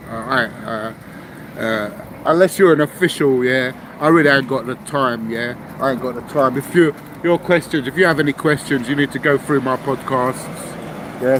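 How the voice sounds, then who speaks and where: A man with a Cockney accent from London, ranting loudly and aggressively, swearing and firing off repeated rhetorical questions into a camera. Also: mid-range voice, background noise. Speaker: vlogger. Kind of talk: angry ranting monologue. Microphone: handheld camera.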